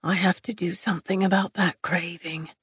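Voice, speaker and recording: A woman reading an audiobook and voicing a tender, teasing male lover in a low, hushed, gruff tone. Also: level tone, normal speed, no echo, clean studio sound. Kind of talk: audiobook narration.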